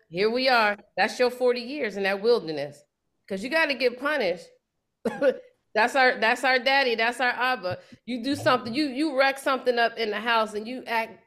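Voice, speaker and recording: Woman Bible study leader, fairly high voice, animated and colloquial, slips into slang when she acts out quotes. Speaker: congregation teacher leading Torah portion study.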